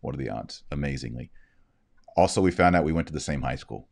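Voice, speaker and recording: A man hosting a casual monologue, telling rambling, animated stories. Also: rumbling low, fast talker, gravelly, no room sound. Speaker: host.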